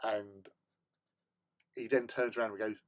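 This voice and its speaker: Speaking a bit slowly in a lowish voice, a man on a casual hobby stream shares a story from his home hobby room. He's animated, breaks into frequent laughter, and stumbles into repeated words.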